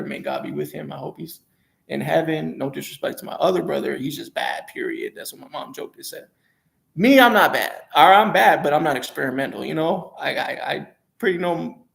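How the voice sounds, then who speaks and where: A man's voice: mid-range voice, vocal fry. A man casually telling his own life story in a rambling, hesitant way, often repeating and correcting himself.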